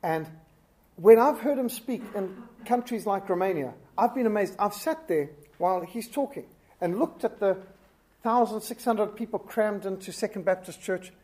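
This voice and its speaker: A man who preaches, teaching public speaking in an animated, emphatic way. He often jumps up in pitch and loudness to drive his points home. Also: normal speed. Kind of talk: instructional talk.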